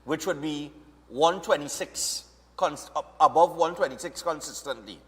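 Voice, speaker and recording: A Trinidadian man hosts a casual chat in a slightly high voice, often checking in with "right?". His voice carries a lingering reverb. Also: moderate pace. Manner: conversational, tags lines with "right?". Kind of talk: casual talk show chat. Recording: reverberant room.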